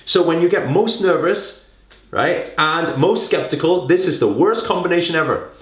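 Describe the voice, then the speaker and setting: A man coaches public speaking straight to the camera, his pitch swooping up and down as he talks. He keeps coaxing his listeners with questions and tags like "right?". His voice rings in an echoey room. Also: lively intonation, moderate pace, a bit bright. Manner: coaxing, fills talk with rhetorical questions and "right?". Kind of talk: direct-to-camera teaching.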